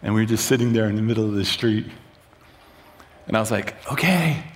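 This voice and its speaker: A middle-aged man preaching a sermon, telling stories and acting out the quoted lines with sudden jumps up in pitch. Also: brisk. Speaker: pastor.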